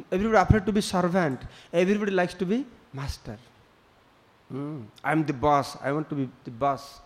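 Male preacher, high pitch, storytelling sermon. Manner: storytelling with acted quotes, non-native English phrasing. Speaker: spiritual teacher.

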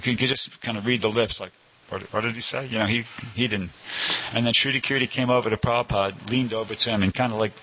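A man's voice: fairly low pitch, slightly rough. An older man telling a rambling personal anecdote at a temple class, often circling back to correct himself. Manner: rambling, digressive, frequent self-corrections. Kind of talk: informal anecdotal storytelling. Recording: dull lo-fi recording.

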